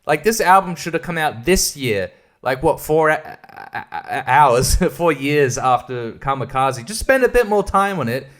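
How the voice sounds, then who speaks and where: A man in a casual ranting review, with a voice sitting a little higher than usual for a man. He swears freely, turns sarcastic and often breaks into laughter as he talks. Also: very animated, unhurried, fairly bright tone. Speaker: music reviewer.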